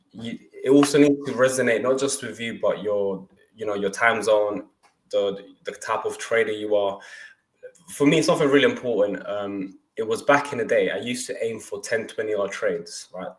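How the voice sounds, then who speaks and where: Young male trading co-host, lower pitch, excitable, self-correcting; roomy echoey sound. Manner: energetic, often restarts sentences. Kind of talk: casual livestream talk.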